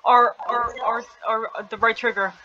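A young woman playing a horror game with a friend, talking in quick frantic bursts, gasping, swearing and shouting warnings. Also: a little high, level tone, muffled recording, noisy background. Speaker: gamer.

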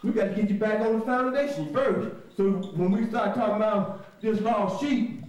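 A man teaching a call-and-response Bible lesson, often shouting, laughing, and spelling words out letter by letter. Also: high voice, animated, normal speed, far from the mic. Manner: laughs often, coaxing the class to repeat. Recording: very echoey room.

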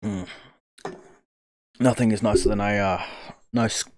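A man's voice: on the low side, fairly even intonation, a little slow, darkish tone, slight background noise. A young man streaming live, joking, swearing freely and thinking aloud as he works. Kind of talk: casual live-stream commentary.

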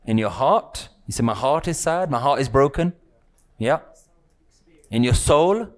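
Slow and questioning, a male spiritual teacher develops his ideas before a live group through repeated wording and rhetorical questions. His voice is medium-pitched with lively intonation.

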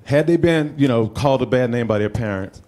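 A middle-aged man talks on a panel in a mellow, dark voice. He speaks with earnest urgency about helping young people, pressing the audience to act. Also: medium pitch, a little fast. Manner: earnest, urging the community to act. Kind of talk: panel talk.

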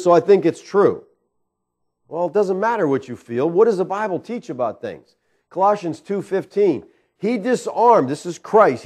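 A man's voice: high voice, darkish tone. A man preaching a sermon as pastor, emphatic and asking the congregation rhetorical questions.

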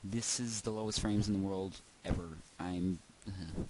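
His voice sits low and warm, with a steady tone and measured pace, as this young man goofily rambles to himself through casual let's-play commentary at home. The audio is poor, with heavy hiss in the background.

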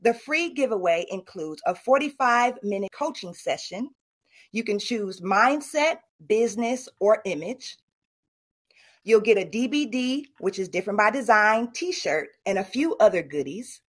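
A woman's voice: mid-range voice, expressive, unhurried, breathy edge. A middle-aged woman giving a motivational talk at an online summit and coaching her audience directly. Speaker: speaker.

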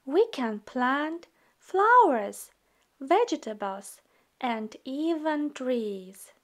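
A woman reading a children's picture book aloud into a phone, slow and gentle, with some words hushed. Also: sits high, lively intonation. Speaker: storybook reader.

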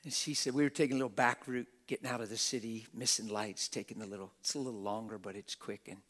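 A middle-aged man preaching a passionate, folksy sermon, often laughing and bursting into shouts. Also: medium pitch, animated, fast talker, hardly any pauses. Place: church hall with a congregation.

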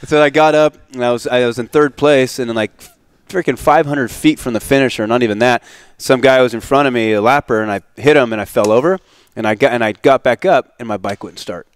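A man's voice: mid-range voice, a little fast, clean tone. A man in his forties, a retired motocross racer, telling stories in a casual interview, acting out quoted dialogue and laughing often.

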